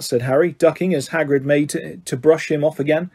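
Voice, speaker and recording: A man's voice: a little high, steady tone, fairly quick, few pauses, darkish tone, slightly rough. A man reading a storybook aloud, now and then stumbling over words and correcting himself. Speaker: reader. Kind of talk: storybook narration.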